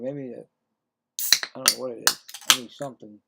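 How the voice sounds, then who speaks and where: A man calls a baseball game live for his stream, with a gravelly, slightly fried voice at an ordinary middle pitch. He sounds tired and yawns between plays. He picks up on the calls and drifts into loose, chatty asides. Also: fairly even intonation, fast. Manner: livelier and louder on the calls. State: tired, yawning. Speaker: streamer doing play-by-play. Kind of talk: casual live play-by-play commentary.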